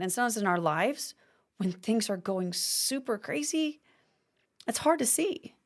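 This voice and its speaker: A woman hosts a faith-based teaching podcast in a fairly high voice, speaking close to the mic. She talks expressively and slips into acted-out complaining prayers. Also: expressive, a little slow. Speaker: podcast host.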